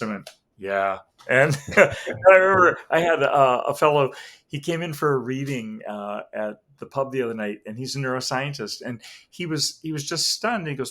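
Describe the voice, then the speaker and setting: Animated man telling stories in an interview. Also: mid-range voice, normal speed. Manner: animated storyteller acting out quoted voices. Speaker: guest, tarot reader. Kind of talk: casual interview talk, anecdotes.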